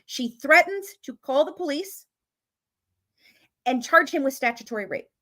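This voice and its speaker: Woman true-crime commentator, high voice, emphatic, angry, swears, repeats herself for effect. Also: expressive, unhurried, a bit bright. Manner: emphatic, repetitive, swears when worked up. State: openly angry. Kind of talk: casual true-crime rant to viewers.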